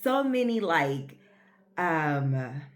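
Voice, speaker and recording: Vlogger, female, low voice, earnest and rambling storyteller. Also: very animated, extremely slow. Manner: rambling, filler-heavy, earnest. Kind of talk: casual storytelling.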